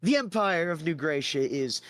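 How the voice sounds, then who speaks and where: A smarmy lord full of himself, all fake charm and flattery in a raised, showy voice, as a man puts him on for a tabletop game. He talks in sweeping, theatrical phrases and lingers on his own grand words. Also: fairly high pitch, moderate pace, no echo, voice pushed up. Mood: grandiose pitch. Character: pompous smarmy male lord, fake and boastful.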